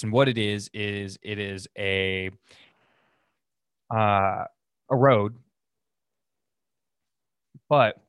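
Rambling low-voiced man podcasting. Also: no echo, clean studio sound. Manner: rambling, filler-heavy, loose storytelling. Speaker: podcast host. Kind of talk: casual solo podcast monologue.

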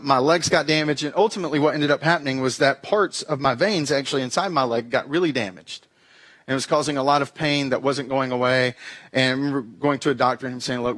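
A man's voice: medium pitch, fairly bright tone. A young man telling a comic personal story in a talk, acting out the dialogue and making sound effects. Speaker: speaker giving a weekly message.

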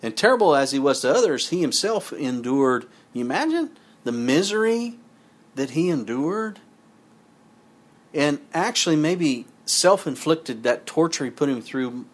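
A man's voice: medium pitch, expressive, a little slow. A man giving a sermon, reading scripture passages aloud and then explaining them in a conversational way with asides to his listeners. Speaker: preacher.

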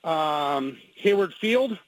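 Man, high voice, caller, dry joking tips. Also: lively intonation, very slow, no room sound, rough recording. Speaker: caller, researcher.

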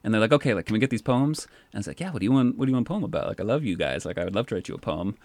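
A man who works as a park poet, telling stories in a casual, animated way and filling his speech with "like". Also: on the low side, rapid-fire, dry recording. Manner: animated, says "like" often. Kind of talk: casual storytelling.

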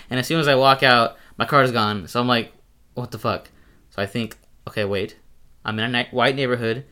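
A man's voice: mid-range voice, bright, forceful tone, clean tone. A young man hosting a casual podcast, swearing freely and telling stories with a laugh. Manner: profane, storytelling, quick to laugh. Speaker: podcast host.

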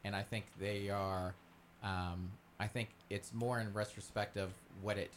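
A man's voice: on the low side, level tone, a little slow, a little hiss or hum. A man from the United States co-hosting a talk radio show, easygoing and rambling, hedging his points. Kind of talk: casual talk radio chat.

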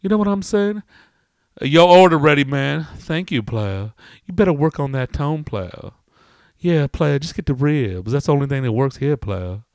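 A man's voice: on the high side, expressive, normal speed, a little mellow, smooth, dry recording, clean studio sound, voice pushed up. A man voicing a skinny, dapper customer at a barbecue joint who is brash and mouthy and calls everyone player. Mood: nosy, chatty.

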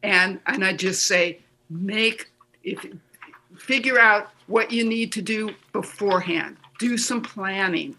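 A guest with a bright, crisp voice. They speak earnestly in a casual conversation, giving practical tips and acting out encouraging self-talk. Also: mid-range voice, slow.

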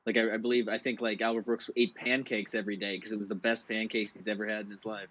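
A man's voice: fairly low pitch, level tone, fast, fairly bright tone, muffled recording. A man chatting casually on a podcast with dry, mock-pompous humor. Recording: faint background noise.

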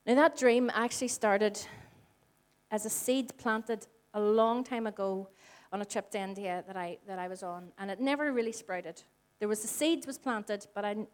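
A woman in her forties from Northern Ireland, giving a conversational sermon to a congregation and acting out the dialogue in her stories. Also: medium pitch. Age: 40s. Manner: animated storytelling, acts out quoted dialogue. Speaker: church speaker. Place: church hall before a congregation.

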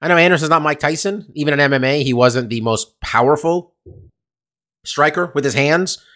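A man's voice: fairly high pitch, moderate pace, pushed and bright. Male podcast co-host, casual, rambly, curses a lot. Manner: rambling, profane, uses lots of fillers. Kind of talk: casual chat. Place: California.

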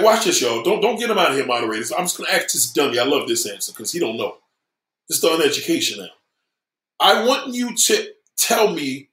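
A man's voice: fairly high pitch, a bit bright, roomy sound. A man hosting a livestream, reading viewer comments and ranting with heavy swearing, mocking and repeating himself. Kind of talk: profane livestream rant.

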